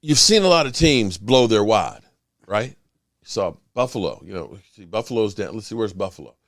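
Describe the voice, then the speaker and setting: Animated man hosting a sports podcast. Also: fairly low pitch, normal speed, dry recording, studio quality. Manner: animated, emphatic, with frequent restarts. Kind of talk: casual sports talk.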